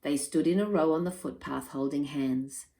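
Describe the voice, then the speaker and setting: A woman reading a children's picture book aloud in an expressive, measured way. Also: sits low. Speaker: storyteller.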